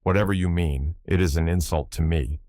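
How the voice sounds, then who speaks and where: A man voicing a young actress who speaks quietly and firmly, proud and guarded. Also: low-pitched, a little fast, no room sound, clean studio sound, natural voice. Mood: cool. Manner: quiet and firm.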